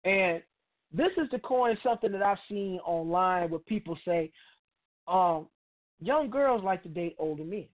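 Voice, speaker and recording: A man's voice: high-pitched, expressive, measured pace. Middle-aged man, blunt and profane, street slang, radio host monologue, tinny phone-like sound. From Chicago, United States. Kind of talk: opinionated monologue.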